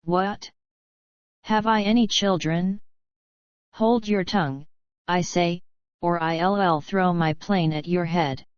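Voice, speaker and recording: A woman's voice: fairly low pitch, slow, long pauses, clear, resonant tone, no room sound. A woman voicing a hot-tempered middle-aged male joiner who rants and scolds, in a dry, slightly dull recording. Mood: furious. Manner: ranting, scolding.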